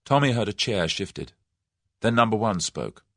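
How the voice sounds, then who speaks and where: A male audiobook narrator with a deep voice and lively, animated intonation. The recording is dry and close with no room sound. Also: normal speed, no room sound. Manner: dramatic storytelling. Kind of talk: scripted narration.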